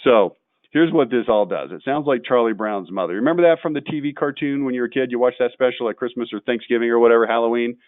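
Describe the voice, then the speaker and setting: A man presenting a marketing webinar, blunt and quick to get worked up as he tears into examples. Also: medium pitch, no echo, narrow, tinny audio. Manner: blunt, gets worked up and ranting.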